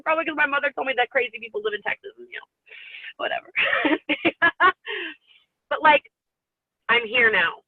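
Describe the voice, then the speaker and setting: A woman's voice: high-pitched, sing-song, fairly quick, dry recording. A woman giving a casual motivational talk to her sales team, chatty and rambling, laughing often and a little teary from allergies. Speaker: network marketing team leader. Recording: tinny phone-like line.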